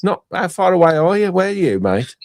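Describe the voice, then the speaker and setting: A man's voice: sits high, sing-song, brisk, darkish tone, no room sound. A middle-aged man from England hosting a casual phone-in, chatty and teasing, repeating words as he goes. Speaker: phone-in host. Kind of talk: casual radio phone-in chat.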